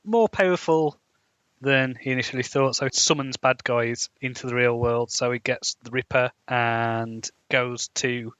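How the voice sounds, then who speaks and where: A man's voice: medium pitch, fairly even intonation, a little slow, fairly bright tone, clear, resonant tone, no room sound. A man co-hosting a podcast who chips in with short plot summaries and dry asides in casual chat. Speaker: podcast co-host. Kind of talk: casual film review chat. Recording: dry, dull lo-fi podcast mic.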